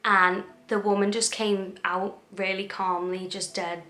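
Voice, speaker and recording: A woman's voice: mid-range voice, level tone, a little slow, bright, forceful tone. Young woman retelling a crime story, echoey. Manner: chatty retelling with quoted dialogue and fillers. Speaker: true crime vlogger. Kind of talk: casual true crime storytelling. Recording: echoey room.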